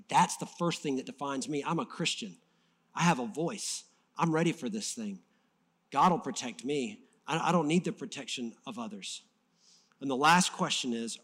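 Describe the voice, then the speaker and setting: A pastor preaching a sermon in a church, fired up and swinging between loud emphasis and soft-spoken moments. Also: male voice, mid-range voice.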